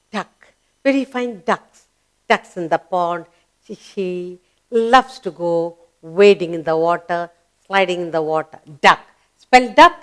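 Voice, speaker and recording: A woman teaching young children, asking questions, answering them herself and spelling words letter by letter in an emphatic, coaxing way. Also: medium pitch. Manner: emphatic, coaxing classroom delivery. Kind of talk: children's grammar lesson.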